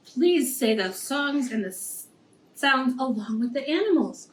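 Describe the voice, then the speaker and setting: A woman reading a picture book aloud to young children, gently explaining words as she goes. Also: high-pitched, lively intonation, unhurried. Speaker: preschool teacher. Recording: echoey room, distant mic, faint noise.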